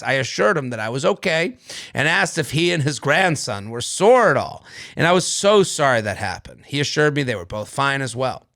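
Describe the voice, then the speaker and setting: A male podcast co-host in loose, joking conversation, who sometimes reads listener emails aloud. His voice sits a bit high and swings widely in pitch, with a gravelly fry underneath. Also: very animated, normal speed, fairly bright tone. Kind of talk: casual chat.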